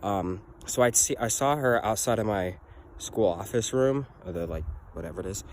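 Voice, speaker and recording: A man's voice: lowish voice, normal speed, darkish tone, a little hiss or hum. A teenage boy telling his own story in an earnest, rambling way, often saying "anyways". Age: teens. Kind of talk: personal story to camera.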